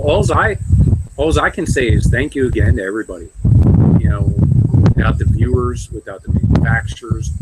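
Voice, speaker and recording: Easygoing low-voiced man. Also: heavy background noise. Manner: easygoing, laughs often, rambling. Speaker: co-host. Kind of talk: casual chat. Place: remote video call.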